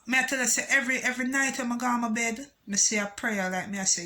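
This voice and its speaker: Telling a personal story for her vlog, this Jamaican-accented woman talks fast in a fairly high voice. She shifts back and forth between patois and English, punching her words with animated emphasis.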